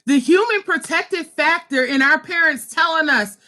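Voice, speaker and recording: Woman in her thirties, high voice, bright and forceful tone, impassioned, blunt, profane. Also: normal speed. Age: 30s. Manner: raw, emphatic, profane, fervent. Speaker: social worker and host. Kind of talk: impassioned personal talk.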